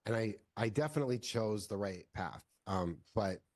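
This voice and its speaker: A filmmaker guest in a casual interview, telling long stories with lots of "like" fillers. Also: male voice, fairly low pitch, animated, moderate pace, no echo, studio quality. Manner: rambling, heavy use of "like" fillers.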